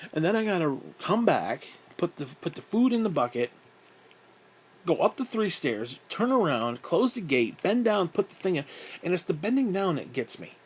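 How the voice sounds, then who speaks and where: A vlogger with a husky, fairly high voice tells a rambling story in a casual monologue. He swears often, sighs frequently, and sounds exasperated and self-mocking.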